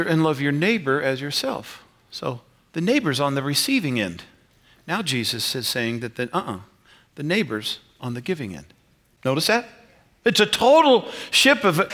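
Animated bright-voiced pastor preaching. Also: male voice, on the high side, normal speed. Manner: animated, swings loud and quiet, chuckles often. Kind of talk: sermon. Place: church.

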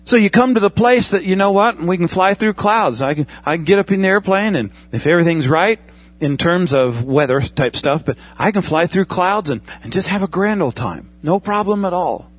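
A man's voice: high voice, expressive, normal speed, breathy edge. A man preaching a sermon in a conversational way, asking the congregation questions and using everyday comparisons. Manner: conversational preaching with pilot analogies and asides. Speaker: pastor.

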